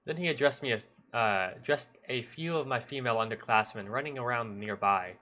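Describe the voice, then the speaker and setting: Bright-voiced man narrating a story. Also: mid-range voice. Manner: measured narration with occasional stumbles. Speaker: streamer. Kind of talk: reading a visual novel aloud.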